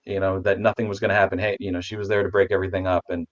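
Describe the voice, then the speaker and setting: A man with a fairly low voice speaks as a guest on a casual video chat. He rambles, restarts his sentences and talks warmly about his pets. The sound is dull and lo-fi. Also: level tone, racing.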